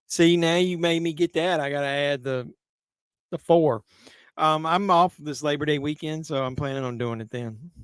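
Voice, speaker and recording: A man's voice: a little high, normal speed, smooth, dry recording. A man hosting a live movie watch-along, making casual commentary full of crude jokes. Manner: crude joking banter. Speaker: live-stream host.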